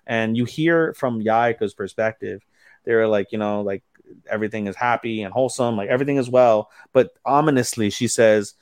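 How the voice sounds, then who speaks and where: Low-voiced man recapping anime casually. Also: normal speed, no room sound, clean studio sound. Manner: loose, profane plot recapping with many fillers. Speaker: podcast co-host. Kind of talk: casual anime review chat.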